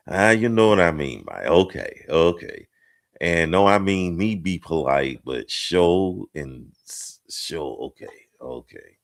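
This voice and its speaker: A middle-aged man leads a relaxed group talk in a low, slow voice. His pitch rises and falls a lot as he hesitates, laughs at himself and teases the guests. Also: vocal fry. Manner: hesitant, self-mocking, playful. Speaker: talk show host. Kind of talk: casual group discussion.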